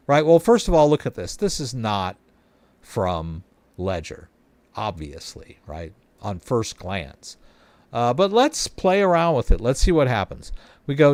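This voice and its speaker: This man's voice sits on the high side with a darkish tone, very animated yet unhurried, in a dry recording. He hosts a casual screen-share walkthrough, chatty and explanatory, often checking in with the listener through frequent tag questions.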